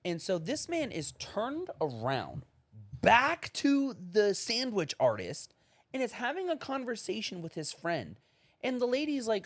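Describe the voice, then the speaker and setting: A man co-hosting a podcast, ranting in casual chat, profane and animated as he acts out other people. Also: high voice, measured pace, no echo. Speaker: podcast co-host.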